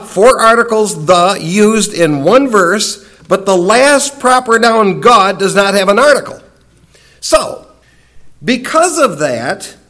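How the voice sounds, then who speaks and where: A man teaching a Bible class, explaining emphatically and slowing down to stress single words. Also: sits high, a bit bright.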